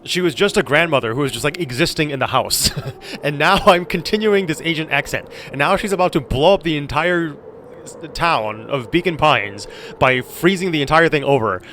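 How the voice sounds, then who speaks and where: A man's voice: fairly high pitch, lively intonation, moderate pace, fairly bright tone, slight background noise. A man streaming a game, chatting casually with viewers and laughing mid-sentence. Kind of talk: casual live-stream chat.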